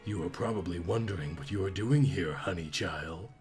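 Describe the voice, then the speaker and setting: A man doing a breathy Southern nurse. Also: deep voice, normal speed, soft background music, pitched below the performer's own voice. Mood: sweet, soothing. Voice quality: breathy, sweet, soft.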